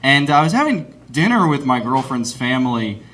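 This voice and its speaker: A man's voice: medium pitch, sing-song, moderate pace, fairly bright tone. A young man doing live stand-up, rambling and self-deprecating and laughing at his own jokes. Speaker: stand-up comedian.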